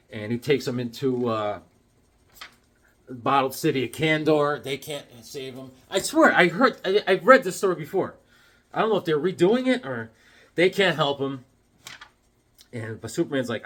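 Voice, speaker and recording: A man from Connecticut casually chatting about his comic books, rambling along and telling deadpan tall tales with jokes between them. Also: medium pitch, moderate pace, long pauses. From Connecticut, USA. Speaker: comic book vlogger.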